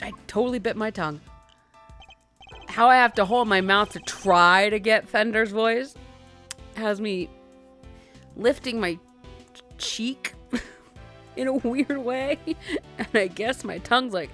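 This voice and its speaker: Woman, let's play host, casual game commentary, profane and giggly, slightly high voice, soft game music behind. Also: slow pace, long pauses. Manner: profane, giggly, rambling asides.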